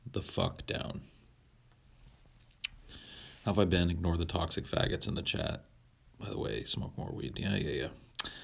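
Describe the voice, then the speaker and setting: Young male streamer, very low husky voice, crude and rambling, bossing his chat around. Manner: profane, rambling, mock-commanding. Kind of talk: casual livestream chat.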